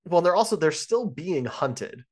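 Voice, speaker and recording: A man's voice: a little high, expressive, measured pace, darkish tone. A man co-hosting a podcast, chiming in with dry comments about a film and laughing often. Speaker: podcast co-host. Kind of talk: casual movie review chat.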